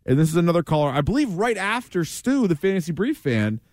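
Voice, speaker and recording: A man's voice: fairly high pitch, sing-song, fast, a little mellow, dry recording. A man hosting a sports talk radio show, chatting casually and animatedly with lots of fillers.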